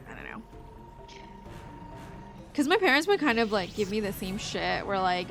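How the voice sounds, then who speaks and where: A woman's voice: medium pitch, sing-song, normal speed, pauses often, music in the background. A young woman streaming a game, chatting casually, joking, swearing freely and laughing often. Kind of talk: casual chat while gaming.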